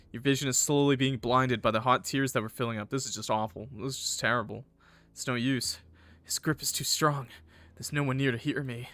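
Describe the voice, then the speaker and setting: Young man, excitable, swears a lot, visual novel read-aloud, bright tone, dry sound. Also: medium pitch, no echo. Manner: excitable, swears and yells in reaction. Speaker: gaming video creator. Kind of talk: reading a visual novel aloud with live reactions.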